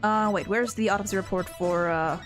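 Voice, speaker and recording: A German-born woman streaming a courtroom game, thinking aloud with excitable outbursts and stumbling restarts. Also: medium pitch, fairly quick, soft background music. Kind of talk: let's-play commentary.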